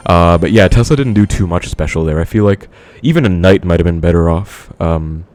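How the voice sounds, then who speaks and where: A man's voice: low-pitched, a little fast, darkish tone. A man giving casual live commentary on his own game, thinking aloud and talking to viewers as he plays. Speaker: gaming commentator.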